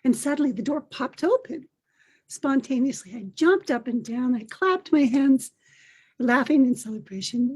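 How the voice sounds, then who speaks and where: An older woman hosting a podcast, telling a personal story in a gentle, reflective way. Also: sits high, normal speed, slightly rough. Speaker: podcast host.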